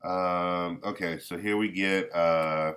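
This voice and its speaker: A man chatting casually as a manga reviewer, rambling and halting, with candid, mildly profane remarks. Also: sits low, steady tone, a bit bright. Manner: rambling, halting with many restarts. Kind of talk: casual chat.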